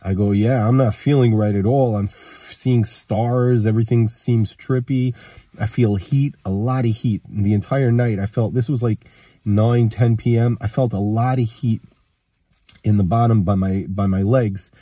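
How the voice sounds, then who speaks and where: Husky dark-voiced man with a cold. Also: lowish voice, fairly even intonation, moderate pace, no room sound. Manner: rambling, acts out quoted dialogue. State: has a cold. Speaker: storyteller. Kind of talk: casual personal storytelling.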